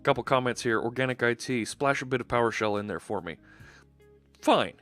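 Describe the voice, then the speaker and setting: Man, live-coding streamer, casual chatty narration with fillers, mid pitch, faint music under. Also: a little fast, fairly bright tone. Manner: chatty, thinking aloud with fillers.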